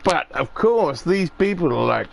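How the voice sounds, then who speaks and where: A man ranting casually and profanely as he plays, his voice jumping high when he gets riled up. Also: very animated, measured pace, gravelly. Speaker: gaming streamer. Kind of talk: casual rant while playing.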